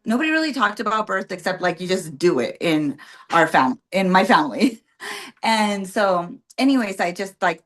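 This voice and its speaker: A young adult woman, a podcast guest, telling her story in a casual, chatty way, full of "like" and "um" and acting out what others said. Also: on the low side. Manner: chatty, many "like" and "um" fillers, acts out quotes.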